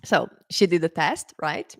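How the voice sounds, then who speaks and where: Lively woman teacher coaxing her students. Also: deep voice, measured pace, dry recording, clean studio sound. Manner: lively, animated, coaxing, repeats "okay?" and "right?". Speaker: English teacher. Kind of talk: casual talk to camera.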